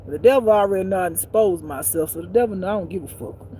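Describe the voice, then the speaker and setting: A woman giving a profane spiritual rant as a life teacher, blunt and preachy, swinging between loud outbursts and low muttering. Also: fast, slight background noise, low-quality recording. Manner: blunt and preachy, swearing freely.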